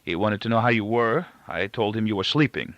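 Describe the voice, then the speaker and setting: A frail, anxious gray-haired father, as a male narrator puts him on, soft and a little husky. He picks his words formally and pauses over them. The take sounds dull and dry. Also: fairly low pitch, lively intonation, no echo. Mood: anxious, soothing. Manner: formal, careful phrasing with hesitations.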